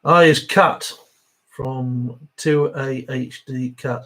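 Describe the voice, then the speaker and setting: A man's voice: medium pitch, steady tone, extremely slow, pushed and bright. A middle-aged man with an East Midlands accent, hosting a live stream in a chatty, matey way, reading out viewer comments and chuckling between them. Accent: East Midlands English. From English Midlands. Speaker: host of a diecast model livestream.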